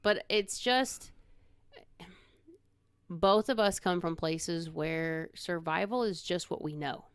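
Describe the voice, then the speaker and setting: Female co-host, smooth lower voice, dry close mic, measured explainer. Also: no echo. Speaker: podcast co-host with her husband. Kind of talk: casual chat.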